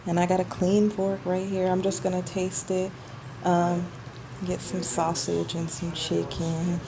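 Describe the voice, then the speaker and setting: A woman's voice: on the low side, completely flat delivery, unhurried, vocal fry, crowd noise. A woman chatting casually to viewers while cooking in her home kitchen, calling them y'all. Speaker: cooking vlogger.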